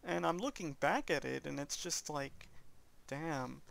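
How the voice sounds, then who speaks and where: A man's voice: on the high side, lively intonation, normal speed, creaky, a bit bright. A young man rambling earnestly and heartfelt in casual chat over his let's play commentary.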